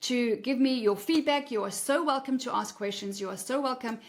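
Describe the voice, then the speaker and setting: A woman's voice: high-pitched, normal speed. A middle-aged woman hosting a faith-based motivational talk, blunt and emphatic in a preachy way. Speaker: podcast host.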